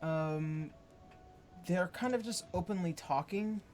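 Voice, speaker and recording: A game master describing a fantasy scene for players, stopping often with ums and uhs as the story takes shape. The voice is at a mid pitch. Faint fantasy music plays behind it. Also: darkish tone. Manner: halting, filler-heavy narration. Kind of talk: narrating a tabletop game.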